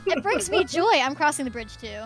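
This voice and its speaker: A woman's voice: sits high, expressive, fairly quick, rough recording. A woman playing in a tabletop game, chatting in a cheerful, easygoing way. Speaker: player. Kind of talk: casual tabletop role-play chat.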